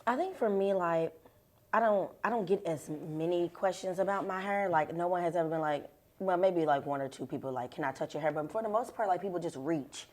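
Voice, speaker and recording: A young adult woman speaking on a panel, emphatic and animated, laughing as she makes her points. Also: lowish voice, brisk. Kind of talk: candid panel discussion.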